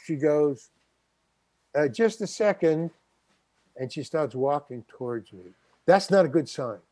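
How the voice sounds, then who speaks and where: A man's voice: on the high side, expressive, measured pace, a little mellow, dry recording. An older man, a guest actor, telling a story in an interview and acting out the quotes. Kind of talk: anecdotal storytelling.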